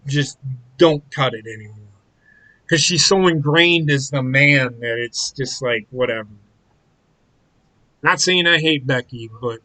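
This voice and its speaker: High, bright-voiced ranting man. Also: rough recording. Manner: ranting, profane, heated. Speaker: podcast co-host. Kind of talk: casual live watch-along chat.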